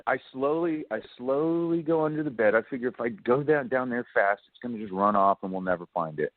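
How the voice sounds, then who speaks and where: A man on a radio talk show, telling a story in a chatty, animated way, acting out what people said and laughing often. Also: medium pitch, brisk, no room sound. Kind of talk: casual phone-in storytelling. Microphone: telephone. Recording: tinny phone line.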